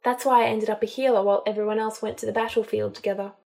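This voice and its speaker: A woman reading a storybook, voicing a distraught young witch healer who talks in a halting, tearful way. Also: medium pitch, steady tone, gravelly, warm tone, natural voice. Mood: earnest.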